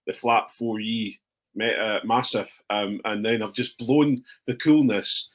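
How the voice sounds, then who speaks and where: A middle-aged man on a video call co-hosting a rugby podcast, self-deprecating and halting, with many fillers. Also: on the low side, fairly bright tone. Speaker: podcast co-host. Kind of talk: casual chat.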